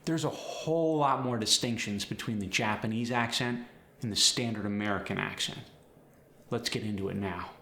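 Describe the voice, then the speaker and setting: Bright-voiced man teaching accents. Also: fairly low pitch, moderate pace, roomy sound. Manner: clear, explanatory, step by step. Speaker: accent coach. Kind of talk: instructional lesson.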